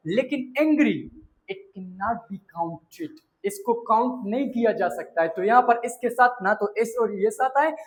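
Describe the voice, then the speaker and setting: A male teacher rattles off drill sentences at a very fast clip. His voice sits fairly high for a man. He keeps repeating the patterns and slips into quick Hindi-Urdu explanations between them. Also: low-quality recording. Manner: rapid-fire repetition, switching between English and Hindi-Urdu explanations. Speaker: English teacher. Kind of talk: drilling example sentences for beginners.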